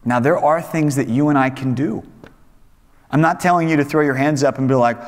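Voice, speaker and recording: A man teaching a young adults Bible study in a casual, conversational sermon style, animated and acting out quoted voices. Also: fairly high pitch, a little fast. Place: church hall. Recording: echoey hall reverb.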